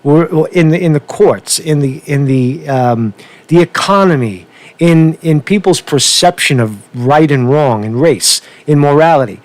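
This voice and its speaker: In a fairly high voice and at an unhurried pace, a political vlogger airs his opinions in a casual, meandering rant. He curses frequently and often breaks off to restart what he's saying.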